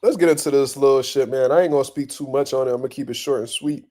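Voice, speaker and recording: A young man hosting boxing talk, ranting bluntly and profanely in a casual, animated way and laughing often. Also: mid-range voice, fast talker. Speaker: boxing commentary host.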